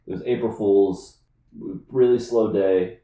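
Man, deep dark voice, casual storyteller who acts out the scenes, roomy echo. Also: takes it slowly. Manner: animated storyteller, acts out shouted lines.

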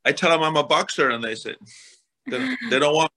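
Irish-accented joking co-host on a video call. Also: male voice, a little high, very animated, fairly quick, pushed and bright. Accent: Irish with American mix. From Ireland. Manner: joking, dry teasing.

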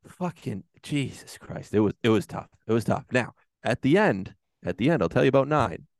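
A male podcast co-host in the middle of a heated rant, cursing often. His pitch swings widely as he talks. The sound is dry and close, with no room echo. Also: animated, moderate pace. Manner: heated, ranting, swears often. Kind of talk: casual podcast chat.

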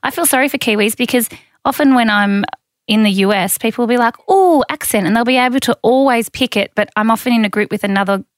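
Upbeat woman, higher voice. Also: fast talker, no room sound, studio quality. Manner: upbeat and chatty, teasing. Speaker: podcast co-host. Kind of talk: casual chat.

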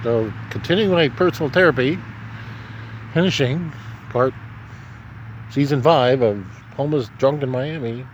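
A man's voice: medium pitch, unhurried, long pauses, dull audio, slight background noise. A man from Nebraska, tipsy, rambling and swearing in a casual vlog monologue outdoors on a city street at night. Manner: rambling, profane, chuckling. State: drinking, tipsy. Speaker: vlogger.

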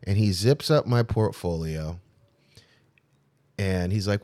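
A middle-aged man, a tattoo artist, telling his own story in a casual interview, animated and acting out the people he quotes, with frequent restarts. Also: low-pitched, takes it slowly, dry recording.

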